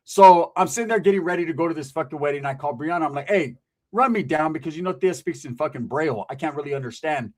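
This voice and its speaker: A man tells a profane stand-up story at a rapid clip. His voice sits fairly high, and he jumps into animated voices for the people in it. The delivery is streetwise and loose. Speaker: comedian.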